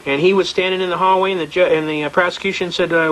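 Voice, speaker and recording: Man, fairly high voice, blunt folksy lecturer, courtroom anecdotes, faint background hiss. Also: steady tone, fast, a bit bright, low-quality recording. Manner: blunt, storytelling, frequent restarts and repetitions. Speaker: seminar speaker on self-representation in court.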